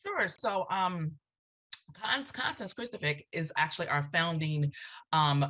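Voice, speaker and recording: Bright-voiced Southern woman, chatty guest. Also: lowish voice, a little slow. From Virginia. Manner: chatty and animated, with frequent ums and laughs. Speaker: nonprofit board president, guest. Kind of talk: casual interview talk. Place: local TV studio.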